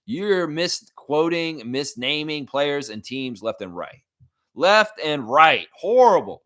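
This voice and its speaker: A man hosting a casual sports livestream, reading chat and breaking into animated, profane rants. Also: fairly high pitch, takes it slowly, no room sound, studio quality. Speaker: livestream host.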